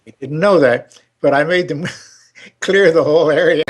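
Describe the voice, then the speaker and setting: An older man tells a story at an unhurried, meandering pace, stopping often to hunt for the next word. His voice sits a little high for a man. He hosts the show in a chatty storytelling way. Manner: rambling, hesitant, many fillers and restarts. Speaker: show host. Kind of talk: storytelling chat.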